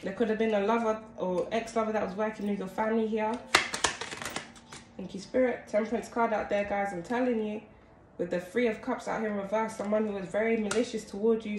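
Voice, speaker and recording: A woman reads tarot cards for her viewers in a loose, chatty way, calling out to them again and again. Her voice sits at an ordinary middle pitch. It bounces around an echoey room over a steady hiss of background noise. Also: brisk. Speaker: tarot card reader. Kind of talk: casual tarot reading to camera.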